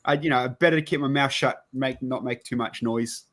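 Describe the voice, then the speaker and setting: This Australian podcast host has a mid-range voice and a brisk delivery. He chats casually through a rambling, animated story, swearing freely and performing the dialogue of others.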